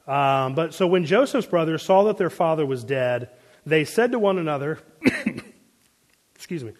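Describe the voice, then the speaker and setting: Relaxed man teaching a Bible class. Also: a little high, moderate pace, in a large hall. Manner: conversational, with many fillers and pop-culture asides. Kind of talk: casual Bible class lecture.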